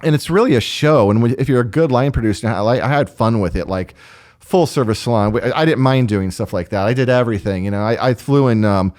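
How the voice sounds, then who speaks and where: A man's voice: mid-range voice, brisk. A man telling work stories in a loose, casual chat. He jumps between his own voice and impressions of the people he describes, stumbling and restarting as he goes. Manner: animated, acts out voices in anecdotes, frequent restarts. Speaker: guest line producer.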